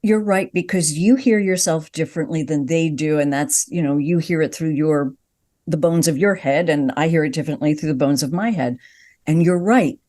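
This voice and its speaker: Expressive older woman voice coach, mellow tone. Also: low voice, moderate pace. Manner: expressive, emphatic, teacherly. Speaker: broadcast voice coach and guest. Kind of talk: conversational podcast interview.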